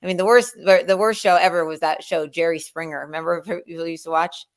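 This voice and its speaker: A woman in her forties, chatting casually as co-host of a livestream, telling stories with animated energy. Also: lowish voice, quick pace. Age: 40s.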